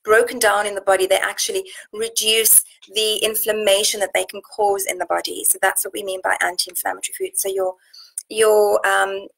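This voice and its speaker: Woman from South Africa, nutrition coach, live stream chat, earnest and chatty, gravelly fry in her voice. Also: mid-range voice, level tone, moderate pace, a bit bright, rough recording. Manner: chatty and earnest, many fillers and restarts. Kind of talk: casual live stream talk, reading out viewer comments.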